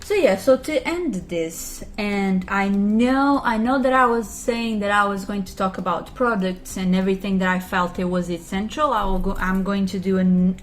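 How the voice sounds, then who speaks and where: A woman's voice: mid-range voice, a little hiss or hum. A woman in her thirties, a pregnant vlogger, talking in a rambling, emotional way and leaning often on "you know" and "like". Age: 30s. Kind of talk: casual confessional vlog chat.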